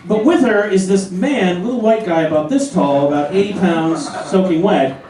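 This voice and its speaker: Forties male stand-up, animated storyteller, a touch high-pitched, recorded live in a club from the back of the room. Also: moderate pace. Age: 40s. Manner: animated storytelling with acted-out voices. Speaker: stand-up comedian. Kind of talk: stand-up comedy set. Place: comedy club stage. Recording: roomy club sound from a far camera. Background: audience laughter.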